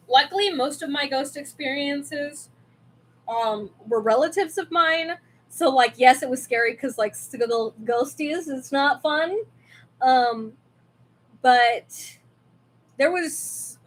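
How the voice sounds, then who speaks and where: A young woman from California chatting casually and rambling with lots of fillers while hosting a crafting livestream from home on a desk mic. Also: high voice. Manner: rambling and chatty, with many fillers and self-asides. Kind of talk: casual live-stream chat. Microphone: desk mic with webcam.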